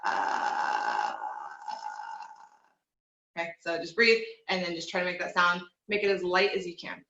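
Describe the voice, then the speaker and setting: A young woman teaching an online group voice class, speaking in a relaxed, encouraging way and demonstrating with hums and slides. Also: on the low side, brisk. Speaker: vocal teacher. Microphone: video call. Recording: dull, echoey room sound.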